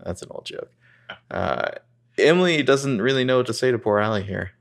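A man's voice: mid-range voice, lively intonation, fairly quick, gravelly. A man co-hosting a casual podcast, recapping a TV episode and acting out the characters' lines in jokey voices. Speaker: podcast co-host.

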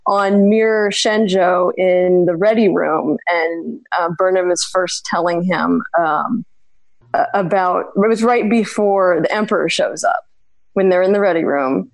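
A woman's voice: fairly low pitch, fairly even intonation, a little slow, vocal fry, dry recording, low-quality recording. A woman calling in to a live show, talking casually and searching for her words. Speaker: caller. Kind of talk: casual call-in chat.

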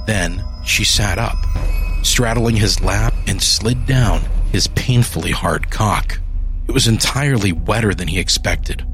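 A man narrating a dark horror story in a measured, deliberate way. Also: lowish voice.

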